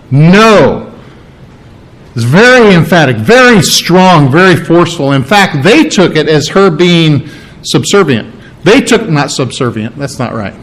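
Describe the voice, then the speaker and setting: A man's voice: a little high, fairly bright tone, low-quality recording. Folksy, emphatic man preaching a sermon. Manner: conversational, emphatic, checks in with "all right?". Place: church before a congregation.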